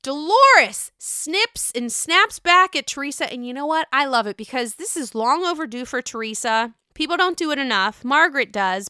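A young woman recapping a reality show in a casual, gossipy, animated way, swearing freely. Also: on the high side, clean tone, no echo, clean studio sound.

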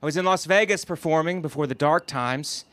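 A middle-aged man doing a stand-up set, delivering jokes punchily with sudden loud rants, and dropping to a quiet, measured tone in reflective asides. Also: a little high. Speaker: stand-up comedian.

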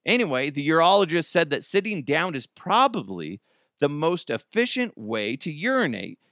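A man rambling through his podcast from his basement, cracking jokes and riffing. His voice is slightly high and swings widely in pitch. The recording is close and dry. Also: sing-song, moderate pace, fairly bright tone, dry recording. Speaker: podcast host. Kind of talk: casual solo podcast chat. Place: home basement.

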